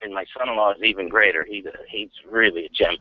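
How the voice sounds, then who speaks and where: A man's voice: on the low side, steady tone, fast talker, dull audio, crowd noise. An older man calling into a radio show, effusive and joking. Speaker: caller. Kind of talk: phone-in chat.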